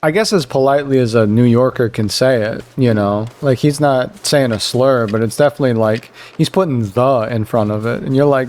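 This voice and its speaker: A man's voice: brisk, few pauses. Rambling young man streaming a game. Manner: rambling, animated, jumps high when quoting people. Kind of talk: casual stream chatter.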